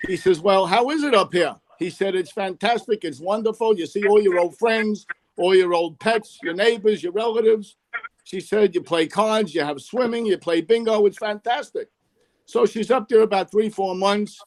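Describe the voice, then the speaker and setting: A man telling jokes on a video call, rambling and correcting himself as he goes. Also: high voice. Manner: rambling delivery, fumbles and corrects himself mid-joke. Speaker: joke-teller at an online comedy night.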